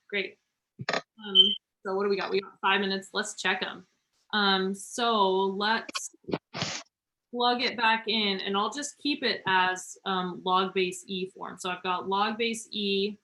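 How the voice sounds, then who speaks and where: Bright-voiced woman tutoring math. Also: mid-range voice, fairly even intonation, slight background noise, poor audio. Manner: encouraging, talks through steps slowly. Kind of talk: online tutoring session.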